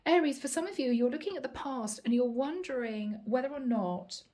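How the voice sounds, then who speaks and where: Woman reading tarot cards, chatty, stretches words out, fairly high mellow voice. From Ireland. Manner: chatty, drawn-out emphatic phrasing. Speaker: tarot reader.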